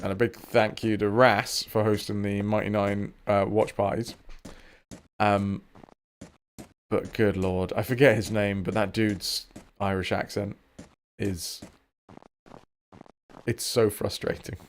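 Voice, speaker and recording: A man's voice: lowish voice, little pitch movement, slow, long pauses, a little hiss or hum. A man with a southern English accent, chatting casually and joking while he streams a game. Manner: chatty, jokey, swears now and then. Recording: game music behind.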